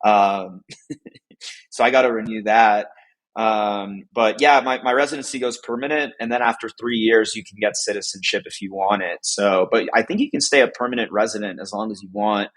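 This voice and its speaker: Man, from the United States, low-pitched, casual podcast chat, rambling, frequent laughter. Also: moderate pace, a bit bright. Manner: rambling, laughs often, lots of "like". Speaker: podcast guest.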